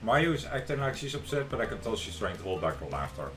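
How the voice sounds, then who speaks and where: A young man streamer reading a visual novel aloud on a live stream, relaxed and cracking jokes in between. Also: on the low side, fast talker, over music.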